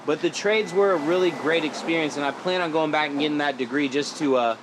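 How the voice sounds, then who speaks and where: In a lounge bar with background noise, an Oregon rapper talks in a slightly high, fairly quick voice. The conversation is loose and lively, peppered with slang and plenty of laughter.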